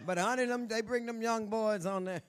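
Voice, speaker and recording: A woman in her sixties, a guest author telling stories on stage at a live event, brassy, bawdy and loud, laughing often and talking straight to the audience. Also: fairly high pitch, a little fast, a little hiss or hum. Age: 60s. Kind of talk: storytelling on stage.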